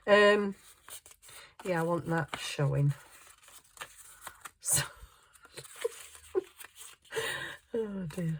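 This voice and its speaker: Woman, low register, chatty self-mocking craft vlogger thinking aloud at her desk. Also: animated, measured pace, long pauses, slight background noise. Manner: chuckles often while working. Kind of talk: casual crafting chat.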